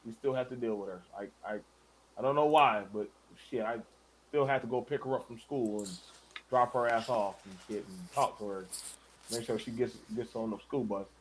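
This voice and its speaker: A man hosting a casual panel chat, animated and swearing, with bursts of loud emphasis and speech. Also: mid-range voice, moderate pace, a little hiss or hum. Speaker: show host.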